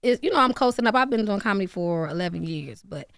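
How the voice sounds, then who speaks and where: Gravelly, laughing woman comedian. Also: medium pitch, animated, fast talker, no room sound, clean studio sound. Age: 30s. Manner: loud, laughing, swears freely. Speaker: comedian guest. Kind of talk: casual radio interview chat.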